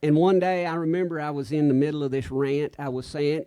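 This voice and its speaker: A singer-songwriter man telling a story to a live audience in a chatty, animated way, acting out the people in it. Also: fairly high pitch, brisk, few pauses, clear, resonant tone. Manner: chatty, animated, acts out the quoted voices. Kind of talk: casual onstage storytelling. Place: live stage.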